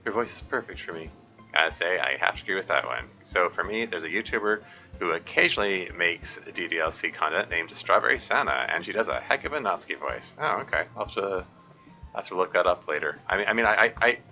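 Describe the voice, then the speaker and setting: A man with a low but sharply bright voice talks through a live game stream. He rambles and stumbles over his own restarts while he answers chat. Faint music runs underneath him. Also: expressive. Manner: rambling, halting, full of restarts.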